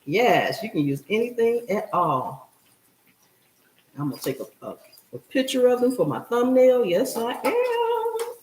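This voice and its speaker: A woman's voice: on the high side, very animated, a little slow, a little mellow, roomy sound, low-quality recording. A middle-aged woman hosts a live cooking stream from her home kitchen, chatting and answering viewer comments as she cooks. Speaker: cooking show host.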